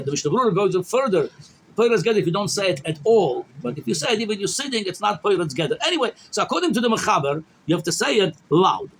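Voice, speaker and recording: A man's voice: high-pitched, a bit bright, slight background noise, low-quality recording. A man, a rabbi, teaching a daily law class, reading Hebrew sources and explaining them in English with many restarts. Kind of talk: halacha lecture.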